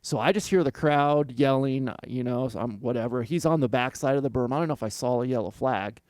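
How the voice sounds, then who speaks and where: A man's voice: mid-range voice, fairly quick, no room sound, studio quality. A man, a former motocross racer, telling stories in a loose, rambling way in a casual interview. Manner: loose, rambling, lively quoting of others.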